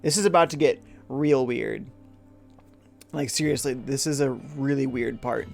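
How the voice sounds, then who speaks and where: A man's voice: medium pitch, fairly even intonation, a little slow, vocal fry, a little mellow, faint music behind. A man live-streaming a retro game, chatting casually, reading viewer comments aloud and joking along. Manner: upbeat, reads chat comments aloud and jokes.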